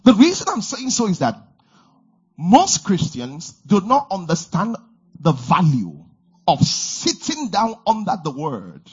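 A male preacher delivering a fervent sermon, repeating lines and swinging between shouted declarations and low murmurs. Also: wildly swooping pitch, measured pace, breathy edge, dull audio.

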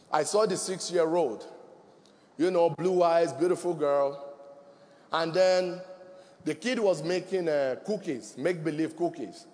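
A middle-aged male preacher with a high, animated voice delivers his sermon, swinging from shouted emphasis down to near-whispers. His words ring through the long reverb of a big church hall. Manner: preaching emphatically, rising to shouts and dropping to a hush. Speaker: pastor. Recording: long echo of a large hall.

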